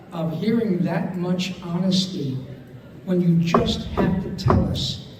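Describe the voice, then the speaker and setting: A man on a convention panel speaking emphatically to a live audience, animated and swinging between loud and soft. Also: sits high. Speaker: voice actor and podcast host on a convention panel. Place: large convention hall. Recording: very echoey hall from far off with noise.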